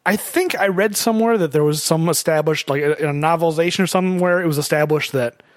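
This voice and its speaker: A man's voice: fairly high pitch, fast talker, no room sound, clean studio sound. A man co-hosting a podcast, chatting casually about a movie and laughing often as he rambles. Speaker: podcast co-host. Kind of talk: casual movie commentary chat.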